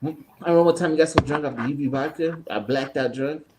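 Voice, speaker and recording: A man's voice: a little high, quick pace, noisy background. Profane storytelling man on a podcast. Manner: profane, animated anecdotes with acted-out quotes. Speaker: podcast co-host. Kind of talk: casual storytelling chat.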